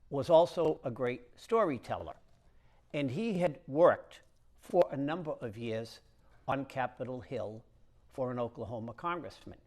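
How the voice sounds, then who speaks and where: A Catholic priest with a mid-range voice delivers a conversational homily, telling stories and pausing hesitantly often.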